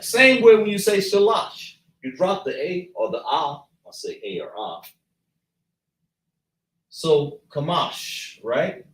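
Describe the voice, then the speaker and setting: A man teaching a slow lesson at a chart, patiently breaking down and repeating sounds as he writes them out. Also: a little high, recorded from a distance. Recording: echoey room, voice from afar.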